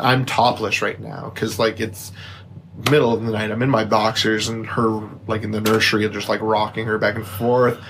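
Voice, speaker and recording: A man's voice: medium pitch, noisy background. A young man, a new father, telling a rambling story in casual podcast chat and filling it with "like". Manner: rambling, lots of "like", laughs often. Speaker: podcast co-host.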